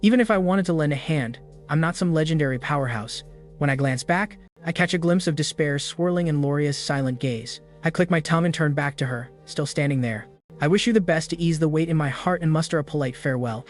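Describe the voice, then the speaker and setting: A man narrating a fantasy story in first person, in a steady scripted recap style. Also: on the high side, brisk. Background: background music.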